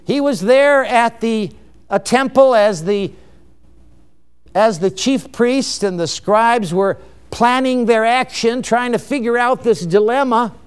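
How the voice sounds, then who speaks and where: A man preaching a sermon, emphatic and unhurried, with exclamations and chuckles. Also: extremely high pitch, clear, resonant tone.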